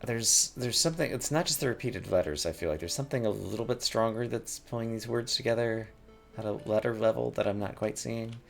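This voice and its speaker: A man's voice: lowish voice, a little fast, creaky, faint music behind. A man thinking aloud as he plays a word puzzle game, musing and muttering words over to himself at a desk mic. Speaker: gaming YouTuber.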